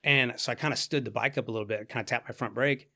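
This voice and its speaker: A man's voice: medium pitch, fairly even intonation, fast talker, gravelly, bright, forceful tone, no echo, clean studio sound. Man telling a story, loose and profane. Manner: rambling, profanity-laced, full of "like" and "you know". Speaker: podcast guest. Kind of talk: casual storytelling chat.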